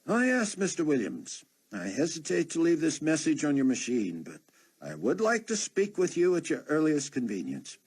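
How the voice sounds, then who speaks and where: A man voicing a formal, proper police captain leaving a measured message. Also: a little high, wildly swooping pitch, a little mellow, breathy edge, voice pushed up, exaggerated voice.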